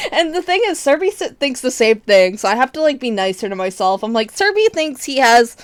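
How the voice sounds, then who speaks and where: A young adult woman streamer chatting casually with her viewers, expressive and laughing often, with casual swearing. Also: sits high, brisk, hardly any pauses, clean tone, no echo.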